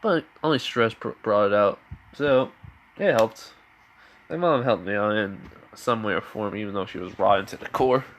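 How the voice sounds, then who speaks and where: A man's voice: lowish voice, normal speed, fairly bright tone, slight background noise. A man casually retelling a fan story in a rambling way, full of fillers and self-corrections.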